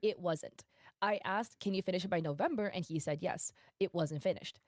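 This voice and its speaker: A woman's voice: on the low side, moderate pace, no room sound, clean studio sound. A woman streamer reading out a thread of posts and messages, breaking in with indignant, emphatic asides. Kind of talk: livestream commentary reading posts aloud.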